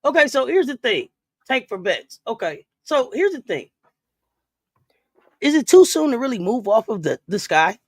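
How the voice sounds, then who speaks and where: A man hosts a loose sports chat in a high, lively voice that swings up and down constantly. He is playful and repetitive and laughs easily. The sound is dry and close to the mic. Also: moderate pace, long pauses, no room sound. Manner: playful, repeats himself, laughs often. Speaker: podcast host.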